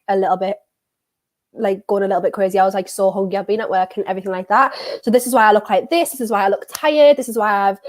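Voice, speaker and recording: Chatty young British woman with a cold. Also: mid-range voice. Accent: British English. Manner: chatty and rambling, with frequent fillers. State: has a cold. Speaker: football watchalong streamer. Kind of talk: casual live-stream chat.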